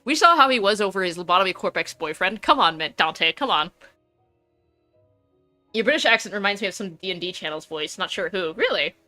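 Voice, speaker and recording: A woman's voice: medium pitch, lively intonation, brisk, bright, forceful tone, dry recording, soft background music. Playful young woman streaming a game. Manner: playful, joking, laughs often. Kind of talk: casual game-stream commentary.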